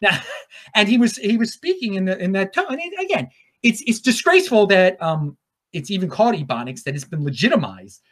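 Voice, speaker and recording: A man's voice: high-pitched, big pitch swings, fairly quick. A man from Baltimore hosting his own show in a rambling, off-the-cuff casual monologue. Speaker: show host.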